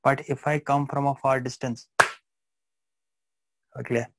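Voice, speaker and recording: A man's voice: mid-range voice, little pitch movement, unhurried, noisy background. A man teaching a live physiology class, repeating phrases and checking that students understand.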